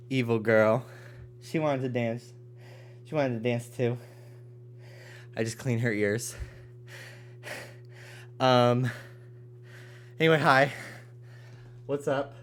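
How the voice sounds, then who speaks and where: A man hosting a live stream from his apartment, chatting casually and rambling with lots of fillers. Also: mid-range voice. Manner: rambling, filler-heavy, greets viewers by name. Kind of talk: casual chat with viewers. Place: home apartment.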